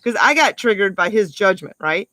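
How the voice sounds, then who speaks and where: Middle-aged woman coach, upbeat motivational talk, bright tone, dry close mic. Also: medium pitch, brisk, no echo. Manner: upbeat, animated, emphatic with laughs. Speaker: life coach.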